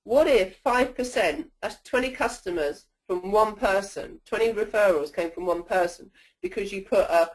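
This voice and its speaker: A woman's voice: medium pitch, normal speed, poor audio. Woman trainer leading a webinar, chatty coaching delivery, keeps checking in with listeners. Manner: coaching, checks in with "okay?" often. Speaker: sales trainer presenting a webinar.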